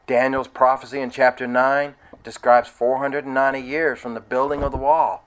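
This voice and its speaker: A man preaching a sermon in a conversational way, explaining scripture verse by verse and now and then rising to loud, excited retelling. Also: mid-range voice, moderate pace, smooth, low-quality recording.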